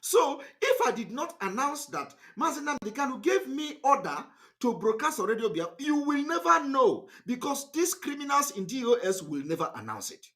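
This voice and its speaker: Fiery Nigerian man, high lively voice. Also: normal speed, hardly any pauses. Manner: emphatic, repetitive, defiant. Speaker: activist broadcaster. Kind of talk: impassioned live online broadcast.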